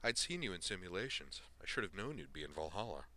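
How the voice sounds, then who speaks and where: A man voicing Utena, a brisk and wry woman starship commodore, in a read-aloud story. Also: low-pitched, big pitch swings, sharp tone, heavily acted.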